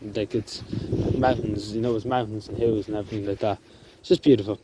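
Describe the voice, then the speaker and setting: Halting, emotional man outdoors. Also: fairly low pitch, steady tone. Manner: halting, with many fillers and restarts; soft-spoken and emotional. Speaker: vlogger. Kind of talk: emotional outdoor vlog talk. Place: outdoors in the countryside. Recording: outdoor noise in the background.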